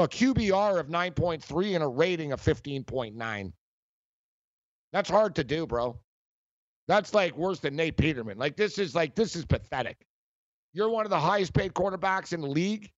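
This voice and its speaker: A man's voice: on the high side, no echo, highs cut off. A man hosting a sports talk show, ranting in a heated, mocking way and often repeating himself.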